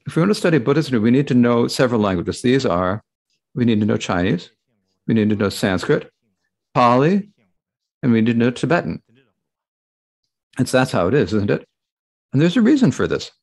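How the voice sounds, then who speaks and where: A man interpreting a Buddhist Dharma talk aloud, halting, with frequent restarts and fillers. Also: mid-range voice, big pitch swings, vocal fry, darkish tone.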